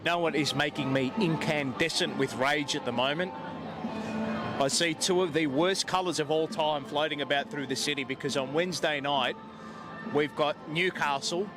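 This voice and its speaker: An Australian man with a rowdy, laughing manner, interviewing passers-by on a busy city street. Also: on the high side. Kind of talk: boisterous street vox pop.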